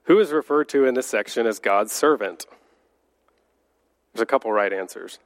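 A man's voice: mid-range voice, animated, moderate pace. A man teaching a church Bible class, congested and slightly nasal from a cold, talking conversationally with fillers and restarts.

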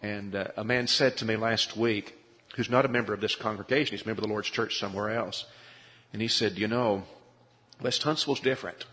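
A man's voice: fairly low pitch, steady tone, a little fast, a bit bright. A man preaching a sermon, earnest and pleading, often repeating his words. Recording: long hall reverb.

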